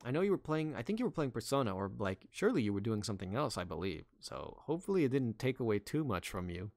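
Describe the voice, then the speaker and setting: A man's voice: medium pitch, sing-song, quick pace, no room sound, clean studio sound. A man streaming a video game, chatting wryly with viewers between lines. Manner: chatty, wry, talks to chat. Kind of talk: casual game commentary. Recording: loud game music behind.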